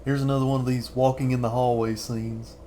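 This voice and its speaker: A man's voice: mid-range voice, little pitch movement, brisk, mellow, slight background noise. A man in his thirties rambling through a casual film commentary as a channel host, chuckling often between remarks.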